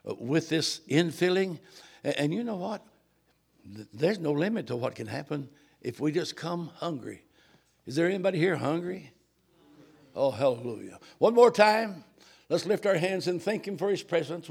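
A man preaching to a church congregation, switching between plain conversational explaining and loud, drawn-out prayer in tongues. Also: on the high side, creaky, husky. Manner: chants and prays loudly, drawn out and rising. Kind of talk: charismatic sermon with prayer and tongues.

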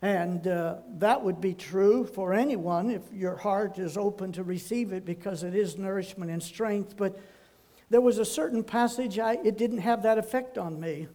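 Older guy preaching, pretty high voice for a man, chatty stories full of uhs. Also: normal speed, warm tone. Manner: homespun, rambling anecdotes with frequent "uh". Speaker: pastor. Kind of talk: folksy storytelling sermon.

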